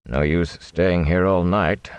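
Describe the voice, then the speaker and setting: A man reads as a smug, bossy male gleeman in a storybook, gruff and low-pitched. He gives orders with self-satisfied authority. The reading sounds dry and close to the mic. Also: steady tone, slow, no room sound, dull audio.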